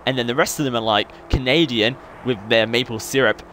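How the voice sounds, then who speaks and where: A young Australian gaming YouTuber, his accent partly worn down by years in the UK, gives casual, hyper, self-mocking gameplay commentary that rambles and laughs often. His medium-pitched voice is fairly bright and a little fast. There's slight background noise.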